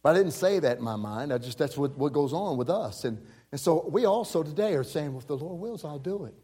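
Man, preacher, lively storytelling sermon, slightly high voice, acts out quotes. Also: fairly quick, husky. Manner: animated, acts out quoted voices, repeats words. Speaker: pastor.

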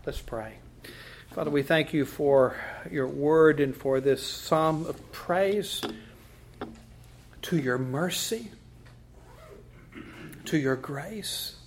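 A man with an East Texas Southern accent preaching a sermon as pastor, swinging from loud declarations to hushed tones and leading the congregation in call and response. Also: a little high, drawn-out words, pauses often, a little hiss or hum.

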